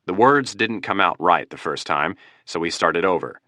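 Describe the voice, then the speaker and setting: A man narrating an audiobook thriller in a steady, measured way on a close mic. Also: deep voice, no room sound.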